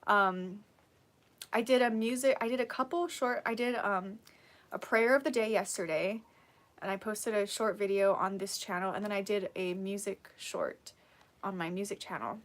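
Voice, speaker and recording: A woman's voice: medium pitch, fairly even intonation, normal speed. A woman hosting a casual live stream who reads out viewer comments, encouraging and laughing often, sleepy and yawning.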